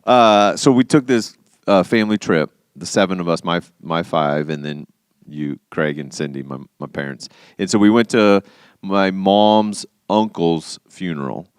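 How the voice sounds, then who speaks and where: A man in his thirties co-hosting a podcast, telling a story in casual chat and acting out quotes with big jumps in pitch. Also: a little slow, clear, resonant tone, no echo, studio quality. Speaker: podcast co-host.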